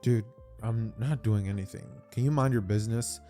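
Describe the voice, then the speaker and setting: A cool, unbothered teenage boy, as a storyteller puts him on, talking in a relaxed, offhand drawl. The tone is mellow and low-key, with faint music behind. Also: normal speed, natural voice. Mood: laid-back. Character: cool, laid-back teenage boy ninja.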